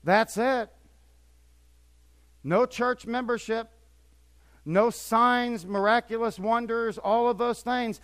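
An older man preaching a sermon as pastor, swinging between quiet asides and emphatic, repetitive points. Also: very high voice, fairly even intonation, slow, long pauses, clean tone.

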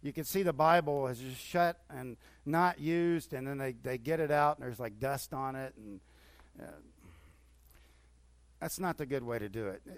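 A middle-aged male pastor delivers a sermon in a conversational style, breaking into repeated surges of enthusiasm. His voice is medium in pitch at a moderate pace, with no echo.

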